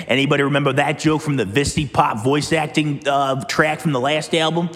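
A woman's voice: sits low, moderate pace, soft background music. A woman delivering a chaotic comedic monologue, manic, profane and giggling, recorded with a long reverb. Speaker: comedy musician.

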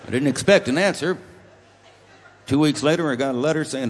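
A man's voice: fairly high pitch, a little fast, breathy edge. An older man, a musician, telling rambling, wry stories on stage between songs with a chuckle. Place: live concert venue. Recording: long reverb of a concert hall.

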